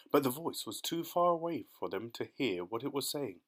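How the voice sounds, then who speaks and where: A man narrating a children's storybook audiobook in an expressive, dramatic way. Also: medium pitch, normal speed.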